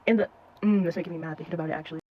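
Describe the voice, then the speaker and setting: Fast-talking woman telling a scary story. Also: fairly low pitch. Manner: animated, swearing, slangy. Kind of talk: casual storytelling. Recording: dull lo-fi with faint noise.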